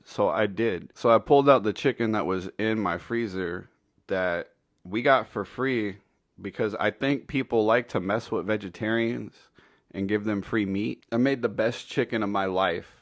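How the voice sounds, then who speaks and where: A man's voice: lowish voice, normal speed, no echo. A man telling a funny story in a casual, rambling, foul-mouthed way. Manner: laid-back, profane, rambling. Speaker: storytelling commentator.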